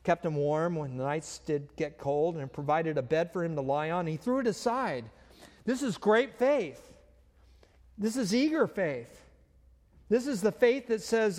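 A man's voice: high voice, expressive, unhurried, darkish tone. A man preaching a sermon as pastor, talking in a conversational way with frequent fillers and restarts. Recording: long reverb of a hall.

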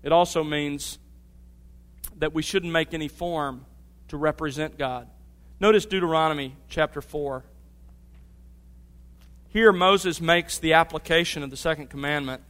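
A man's voice: on the high side, normal speed, pauses often, a bit bright. A middle-aged man preaching a sermon, teaching earnestly and telling family stories. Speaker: pastor. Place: church sanctuary. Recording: long reverb of a church hall.

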